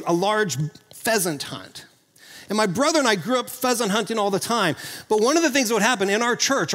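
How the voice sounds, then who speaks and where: A man from Oklahoma preaching a sermon as pastor, earnest and animated, often restarting his sentences. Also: high voice, long reverb tail. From Oklahoma, USA.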